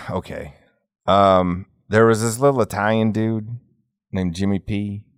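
A man with a lowish, clean voice co-hosts a podcast, chatting casually, swearing freely and laughing through his stories. He drops in quick impressions of the people he describes, and the studio-quality recording has no room sound.

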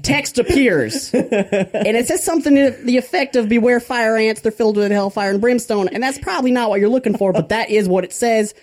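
A man's voice: very high-pitched, a little fast, voice pushed up. A man voicing a rambling, mock-preachy Georgian preacher named Father Grandfather, sermonizing absurdly. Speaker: character from podcast RPG.

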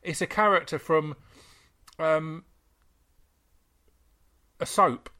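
A man, co-hosting a casual chat, enthusiastic and quick with asides. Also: a little high, sharp tone. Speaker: podcast co-host.

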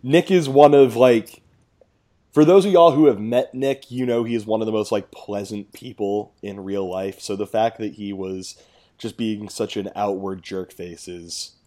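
Mellow-voiced male sports podcast host. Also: fairly low pitch, fairly even intonation, measured pace. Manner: laughs easily, rambling with restarts. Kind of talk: casual sports podcast chat.

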